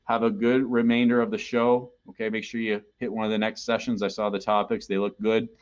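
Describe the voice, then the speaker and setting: A man's voice: on the low side, level tone, fairly quick, muffled recording. A man presenting a sales training webinar in a conversational way, often checking in with listeners. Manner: conversational, keeps checking in with "okay?".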